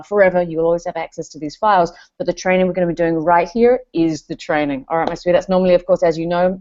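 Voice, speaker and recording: A woman hosting a live online training session, warmly calling her students darling and sweetheart. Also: lowish voice. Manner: affectionate, calls everyone darling and sweetheart. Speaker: online coaching host. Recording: dull lo-fi webinar audio.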